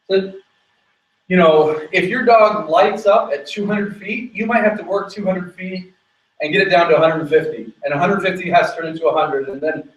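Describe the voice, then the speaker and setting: A man's voice: fairly high pitch, reverberant. Distant-miked man coaching a dog. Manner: explains while giving quick commands to a dog. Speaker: dog trainer. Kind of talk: on-location training demonstration.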